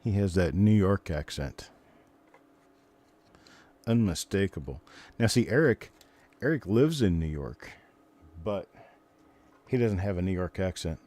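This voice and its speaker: Older male stream host with a deep voice, chatty and rambling, talking casually to viewers. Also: animated, unhurried, pauses often, mellow. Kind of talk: casual live stream chat.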